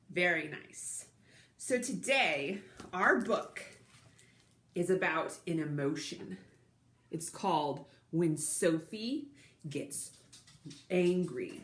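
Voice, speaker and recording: A woman's voice: medium pitch, sing-song, moderate pace, fairly bright tone. A woman librarian leading a recorded story time for young children, speaking cheerfully and asking them questions as she reads a picture book aloud. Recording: roomy echoey recording.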